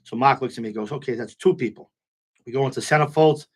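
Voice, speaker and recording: A man's voice: medium pitch, fast talker, slightly rough. A middle-aged man, a nightclub owner telling stories in a casual interview and acting out the quotes. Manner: animated storyteller, acts out quotes, repeats "you know what I'm saying".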